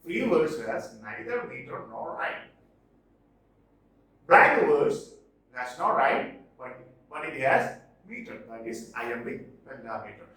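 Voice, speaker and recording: A man teaching a literature lesson, repeating key terms slowly and stressing what matters for exams. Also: fairly high pitch, very animated, pushed and bright. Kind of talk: classroom lecture. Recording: echoey room, voice far from mic.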